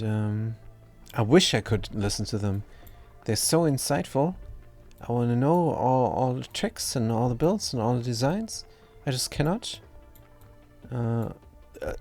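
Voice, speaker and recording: A young man with a non-native English accent talks casually over his gameplay, his voice fairly low and mellow. He rambles, trips over words and restarts his sentences. Faint music plays behind him. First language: not English. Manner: rambling, self-deprecating, stumbles and restarts words. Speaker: gaming streamer.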